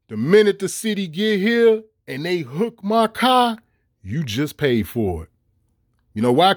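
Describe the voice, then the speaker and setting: Middle-aged man, high-pitched voice, dry close sound, swearing, animated rant. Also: no room sound. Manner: animated and swearing, with laughs and repeated stammered restarts. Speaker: vlogger. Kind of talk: profane ranting monologue.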